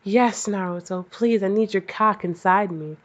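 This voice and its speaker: A woman voicing a shy young ninja wife who pleads in a soft, breathy voice, in a slightly dull lo-fi recording. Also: mid-range voice, a little slow, lightly acted. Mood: pleading.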